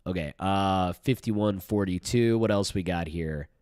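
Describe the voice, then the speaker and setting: A man's voice: low-pitched, unhurried, a little mellow, clean tone, no echo, studio quality. A man doing profane, mocking reaction commentary, sarcastic and incredulous, swearing often.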